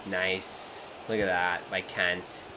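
A man hosting a gaming channel, commentating his own match with excitable outbursts at big moments. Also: sits low, slow pace. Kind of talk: live gameplay commentary. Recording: noisy background hum.

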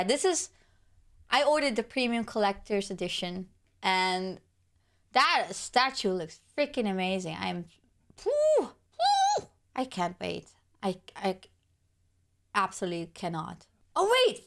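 A young woman with a hoarse voice, gushing through an excited video reaction. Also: medium pitch. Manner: gushing, exclamatory, fangirling. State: hoarse from illness. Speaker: gaming video creator.

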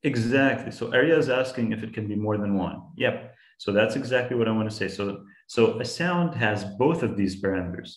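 A man's voice: mid-range voice, echoey room. Encouraging man teaching kids over a call. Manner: patient, encouraging, asks students questions. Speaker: science guest speaker teaching kids. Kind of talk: online class lecture.

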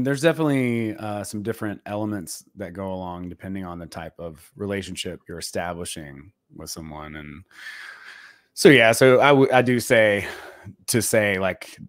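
A man co-hosting a podcast in casual, rambling conversation, full of fillers and throat clearing. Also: low voice, moderate pace, no room sound, clean studio sound. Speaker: podcast co-host.

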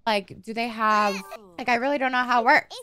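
A woman giving excited commentary while playing a life-simulation game, gushing, gasping and squealing, with casual swearing. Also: a little high, a little fast, crowd noise. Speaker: gaming streamer.

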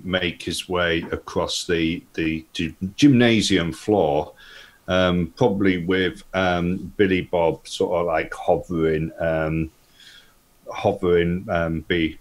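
Man, tabletop player, very low voice, slow, halting. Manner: slow, hesitant, many fillers. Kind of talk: tabletop game play.

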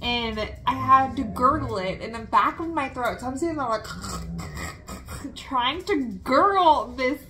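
A woman's voice: high voice, lively intonation, unhurried, pushed and bright, a little hiss or hum. A young woman telling a story in a casual vlog, chatty, full of fillers and laughing often. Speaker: vlogger.

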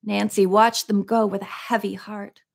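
A woman reads a mystery novel aloud at a steady, even pace. She narrates plainly in a mid-range voice and stays in the telling. Now and then she steps out of the book with a soft, chatty comment. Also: medium pitch, moderate pace, gravelly, slightly rough. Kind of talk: reading a book aloud with casual asides.

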